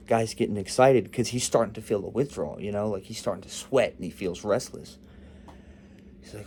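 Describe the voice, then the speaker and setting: Low-voiced rambling young man. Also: fairly quick, warm tone, a little hiss or hum. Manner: loose, rambling, joking storyteller. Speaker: vlogger. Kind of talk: casual rambling monologue.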